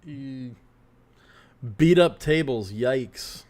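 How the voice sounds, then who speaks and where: A man's voice: mid-range voice, lively intonation, drawn-out words, darkish tone. A man hosting a casual chat, playful, with a morning voice, now and then slipping into silly singing or an announcer voice. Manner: playful, breaks into silly sung lines and announcer voice. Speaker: host.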